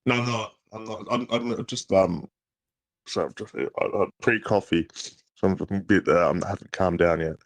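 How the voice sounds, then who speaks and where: A man's voice: low voice, normal speed, dry recording. A man calling in to a livestream, making his case hesitantly with many fillers and restarts. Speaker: caller. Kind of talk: call-in debate.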